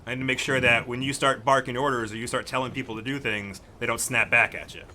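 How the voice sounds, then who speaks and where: A man's voice: medium pitch, fairly even intonation, fast talker, bright, forceful tone, a little hiss or hum. A man voicing a weary, stern human general who gives blunt, clipped orders in a tabletop game.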